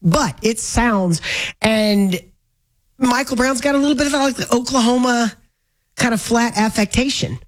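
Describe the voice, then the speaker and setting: Woman, radio talk host, from northern florida, slightly high voice, chatty, opinionated, casual banter. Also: unhurried, low-quality recording. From Northern Florida, USA. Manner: chatty, opinionated, animated exclamations.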